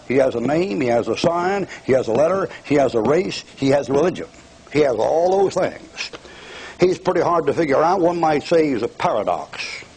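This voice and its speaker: A man's voice: fairly high pitch, a little mellow, slight background noise, low-quality recording. An older man preaching a televised fire-and-brimstone sermon, mocking and taunting his audience with bursts of laughter.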